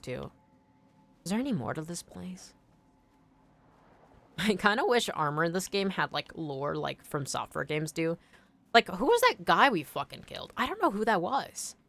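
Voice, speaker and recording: A woman's voice: sits low, gravelly, fairly bright tone. A young woman streaming a video game, chatting casually, thinking aloud and answering her chat. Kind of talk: casual gameplay commentary.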